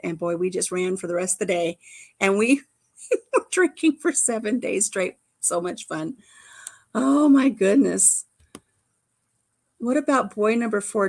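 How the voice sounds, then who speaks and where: A middle-aged woman hosting a livestream, chatting casually, telling stories and answering the live chat. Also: medium pitch. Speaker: livestream host.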